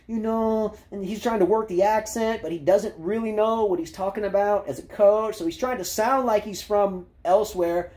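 A man's voice: sits high, warm tone. A man in his thirties ranting about tennis in a rambling, sarcastic way, full of fillers and side remarks. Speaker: tennis commentary vlogger. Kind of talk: opinionated casual rant.

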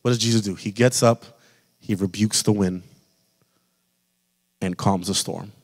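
A man's voice: lowish voice, fairly even intonation, measured pace. Man preaching in a reverberant hall. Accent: American. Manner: rising to forceful emphasis, with repeated rhetorical questions. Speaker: pastor. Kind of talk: sermon. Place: church sanctuary.

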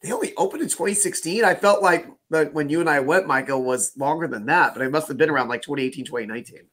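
Casting: male co-host, bright forceful tone, slightly high pitch, lively and quick to laugh. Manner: animated, with frequent laughs and quick reactions. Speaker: podcast co-host. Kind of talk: casual chat.

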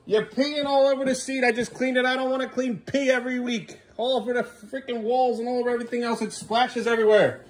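A man's voice: very high-pitched, little pitch movement, quick pace, few pauses. A father in a family home vlog, talking in an exasperated and scolding way, sometimes raising his voice. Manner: exasperated, scolding, loud and sharp at times.

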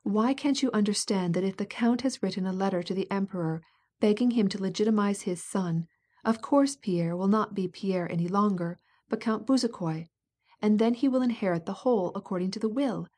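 A scheming older prince, impatient and insistent, pressing his point with smooth coaxing, as a woman narrator reads him. The voice stays mellow and warm. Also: mid-range voice, a little fast, close to an everyday voice.

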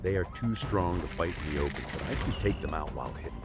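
A man voicing a calm adult male hero in a video game. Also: sits low, quick pace, faint music behind, lightly acted. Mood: grim.

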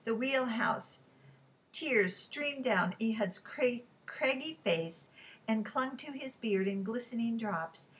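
A woman narrating an audiobook in a steady, even storytelling voice. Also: on the high side, slow pace, rough recording. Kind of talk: scripted narration.

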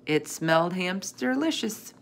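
A woman's voice: lowish voice, very animated, measured pace, slight background noise. A woman reading a children's chapter book aloud, narrating expressively in the first person. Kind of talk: storybook read-aloud.

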